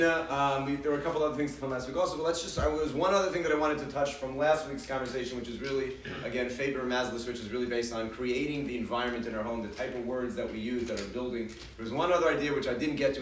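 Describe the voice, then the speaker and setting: A man's voice: mid-range voice, a bit bright, far from the mic. A man leads a parenting class in a loose, chatty style, repeating and restarting his words as he talks with the audience. He is picked up from across the room, so the voice comes out roomy, with a faint hum of the space behind it. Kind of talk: casual lecture with audience questions. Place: large hall with an audience. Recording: echoey hall recorded from afar.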